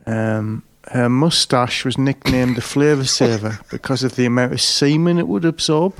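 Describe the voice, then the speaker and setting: A man co-hosting a casual podcast, joking deadpan and swearing. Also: medium pitch, normal speed. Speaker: podcast co-host. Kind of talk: casual chat.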